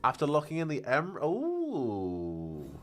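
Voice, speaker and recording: A man's voice: fairly high pitch, wildly swooping pitch, takes it slowly, fairly bright tone. A man streaming a video game, chatting casually, reacting to gameplay and reading out chat questions. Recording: faint background noise.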